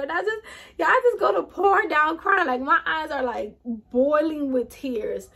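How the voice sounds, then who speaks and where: A young woman tells a storytime vlog. Her voice sits high, and she speaks straight to the viewers in an animated, chatty way. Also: normal speed, creaky. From Atlanta, USA. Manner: animated, talks straight to viewers, acts out quotes. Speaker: vlogger.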